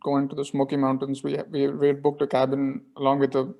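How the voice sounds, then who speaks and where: A man's voice: medium pitch, completely flat delivery, fairly quick, gravelly, dark tone. A man from India co-hosting a podcast, talking in casual chat, hesitant with fillers and repeats. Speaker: podcast host.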